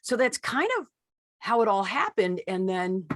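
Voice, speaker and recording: A woman's voice: medium pitch, a little slow, dry recording. A middle-aged woman, a podcast guest, telling her story in casual conversation and acting out the voices she quotes. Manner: animated storyteller who acts out quoted voices.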